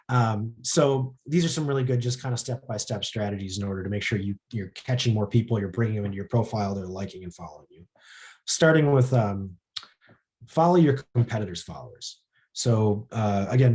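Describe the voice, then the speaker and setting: A man's voice: mid-range voice, mellow. A man presenting a casual workshop session, talking loosely with lots of filler words. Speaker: social media workshop presenter.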